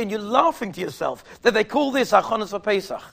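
Man, high gravelly voice, orthodox jewish english, animated sermon storytelling. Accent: Orthodox Jewish English with Yiddish and Hebrew words. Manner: animated storyteller, slows down to stress verses. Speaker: rabbi giving a talk.

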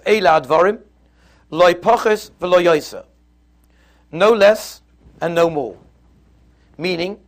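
A man with a somewhat high, gravelly voice teaches a Torah lesson. He talks in a relaxed, conversational way and walks through stories and texts step by step. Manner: conversational storytelling, explains step by step.

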